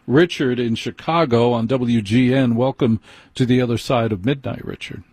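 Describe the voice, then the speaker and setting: A man's voice: medium pitch, normal speed, darkish tone, dry recording. A man hosting a late-night call-in radio show, taking callers in a friendly, agreeable way. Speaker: radio talk show host.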